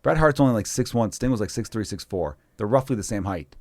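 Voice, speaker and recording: A man in his thirties telling profane, animated stories as a comedian guest on a casual podcast. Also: lowish voice, quick pace, no room sound, clean studio sound. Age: 30s.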